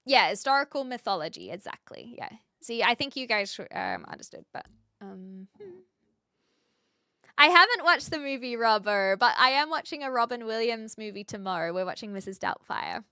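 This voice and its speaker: A woman's voice: on the high side, very animated, normal speed, sharp tone, no echo, studio quality. A woman chatting casually on a live stream, reading viewer comments and correcting herself as she goes. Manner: chatty, self-correcting, talks through restarts.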